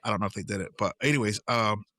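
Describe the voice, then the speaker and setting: A man's voice: fairly low pitch, racing, no room sound. A middle-aged man co-hosting a podcast, telling family stories in a casual chat and acting out the dialogue. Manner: animated, acts out quoted dialogue. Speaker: podcast co-host.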